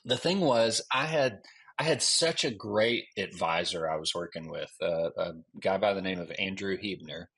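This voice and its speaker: The guest, a historian from Alabama in his thirties, speaks with a Southern accent in a low, husky, slightly bright voice at a moderate pace. Telling a long story in a casual interview, he rambles, restarts often, and uses many fillers.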